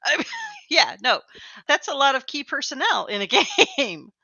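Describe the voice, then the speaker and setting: A woman's voice: high-pitched, huge pitch swings, unhurried, creaky, bright, forceful tone, no room sound, highs cut off. A woman co-hosting a podcast in casual chat, teasing and laughing often. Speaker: podcast co-host.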